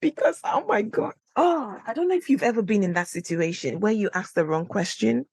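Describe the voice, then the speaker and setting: Brief: woman podcast host, solo, chatty storyteller who acts out quotes with big pitch jumps, dry close mic. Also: expressive, brisk, darkish tone, slightly rough, no echo. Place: indoor room, recording at home setup.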